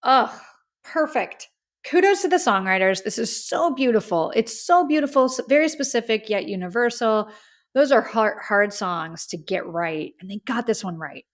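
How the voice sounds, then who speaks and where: A woman's voice: medium pitch, lively intonation, normal speed. A woman hosting a casual music review podcast, talking in an effusive, heartfelt way and often saying "like.". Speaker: podcast host.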